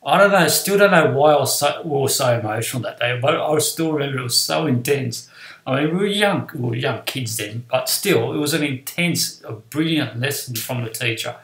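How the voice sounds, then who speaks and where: Man, storyteller, personal anecdote, mid-pitched voice, acts out voices, roomy echo. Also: moderate pace. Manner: animated retelling, acting out voices of classmates and teacher.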